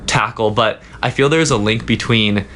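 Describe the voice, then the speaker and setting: Soft-spoken young man, halting storyteller. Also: lowish voice, slight background noise. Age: young adult. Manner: storytelling, halting with many fillers. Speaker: student guest. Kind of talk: casual interview chat. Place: office.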